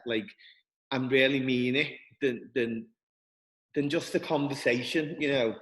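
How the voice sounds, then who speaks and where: A man speaking earnestly and haltingly as a guest, often restarting his sentences. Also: medium pitch, fairly even intonation, a bit bright, long reverb tail, poor audio. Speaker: guest, dance school director. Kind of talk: reflective interview talk.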